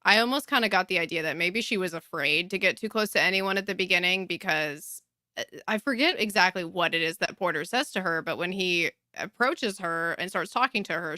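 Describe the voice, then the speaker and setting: Woman cohost, lowish but bright sharp voice, easygoing, dry mic. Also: a little fast, no room sound. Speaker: podcast co-host. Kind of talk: casual chat.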